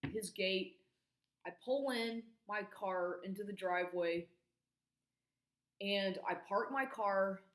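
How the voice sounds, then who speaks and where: Woman vlogger, low-ish voice, agitated and profane, rambles and restarts; echoey room. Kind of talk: angry rambling personal story.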